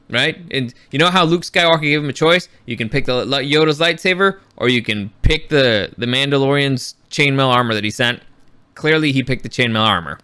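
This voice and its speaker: A man giving a casual, rambling review, sarcastic and quick to act out characters' lines. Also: on the high side, sharp tone, clear, resonant tone, no room sound. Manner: frequent restarts and fillers, swears when annoyed. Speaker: YouTube reviewer.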